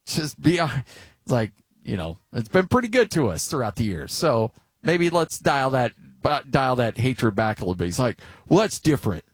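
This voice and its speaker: A man's voice: mid-range voice, normal speed, slightly rough, dry recording. A man in his forties hosting a sports radio show, chatting casually and telling stories about his teenage son. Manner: chatty, tells stories with lively quoted voices.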